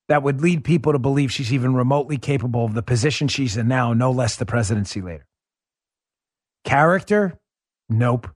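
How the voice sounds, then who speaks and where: Man, political show host, sarcastic and emphatic, fairly high voice, dry close sound. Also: no echo. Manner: emphatic, sarcastic rhetorical questions. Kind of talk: opinionated commentary.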